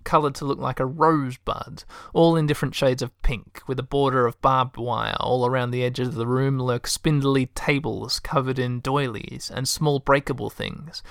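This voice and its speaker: A man's voice: medium pitch, creaky, fairly bright tone, smooth, dry recording, clean studio sound. A man reading out a text adventure and chatting wryly about his choices as he plays. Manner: wry, chatty, swears casually. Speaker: game streamer. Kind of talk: reading and playing a text game aloud.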